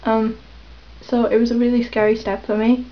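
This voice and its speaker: A woman rambling hesitantly in a casual confessional vlog, with lots of pauses and ums. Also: a little high, flat delivery. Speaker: vlogger. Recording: dull lo-fi webcam audio.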